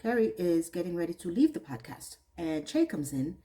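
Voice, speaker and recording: A woman's voice: lowish voice, big pitch swings, normal speed, dark tone, low-quality recording. Sarcastic woman recapping a TV episode. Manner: exasperated, sarcastic asides. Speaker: TV recap reviewer. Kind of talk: casual recap commentary.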